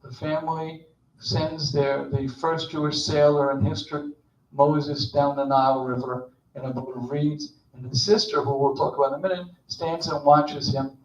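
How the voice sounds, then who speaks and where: A man's voice: fairly high pitch, flat delivery, normal speed. A man giving an informal, chatty sermon at a Shabbat service, with digressions and jokes. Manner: conversational, digressive, joking asides. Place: temple sanctuary. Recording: distant, echoey, dull.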